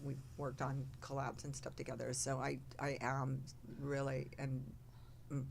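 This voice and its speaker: Low-voiced woman hosting a podcast. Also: completely flat delivery, a little slow, vocal fry, a little hiss or hum. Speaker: podcast host. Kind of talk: casual chat.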